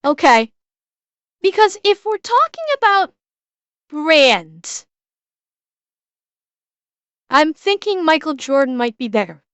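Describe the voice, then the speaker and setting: A woman's voice: sits high, very animated, slow, long pauses, a bit bright, no echo. A woman streamer reacting to a video, ranting bluntly with heavy swearing.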